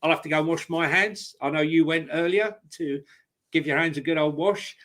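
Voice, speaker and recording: A man's voice: fairly high pitch, fairly quick, a bit bright. A man co-hosting a casual live stream, laid-back and jokey, with many ums and uhs. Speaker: co-host.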